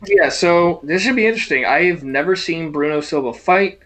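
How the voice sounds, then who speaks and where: A man co-hosting a casual fight-sports podcast, excitable and jokey with lots of swearing. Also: on the high side, brisk. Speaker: podcast co-host.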